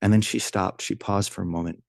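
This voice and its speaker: A man giving a motivational business training talk, telling a story with lively enthusiasm and frequent restarts and repeated words. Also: on the low side, brisk, gravelly, dry recording.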